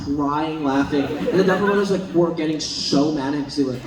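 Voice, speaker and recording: A man's voice: fairly high pitch, brisk, hardly any pauses. A young man as a panel guest, telling rambling stories with lots of laughs. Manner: rambling, animated, laughs often. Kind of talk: casual panel storytelling. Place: large convention hall. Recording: echoey convention hall from far off, crowd. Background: crowd noise.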